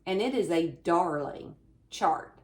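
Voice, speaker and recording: A woman hosting her own craft channel, chatting casually at home as she shows her finished projects, often pausing with ums and speaking to viewers as "you all.". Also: fairly low pitch, expressive. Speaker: cross-stitch channel host. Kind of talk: casual show-and-tell chat. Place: indoors at home, fan running.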